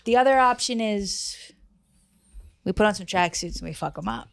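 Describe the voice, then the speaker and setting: A woman's voice: medium pitch, normal speed, creaky, smooth. A young woman hosting a comedy podcast in loose, joking, sweary chat. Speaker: podcast host.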